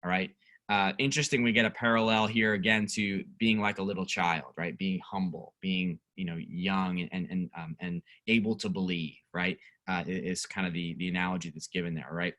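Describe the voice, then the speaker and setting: Bright-toned man teaching Bible study. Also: sits low, steady tone, moderate pace. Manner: conversational, reads scripture aloud, asks the group questions. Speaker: youth pastor.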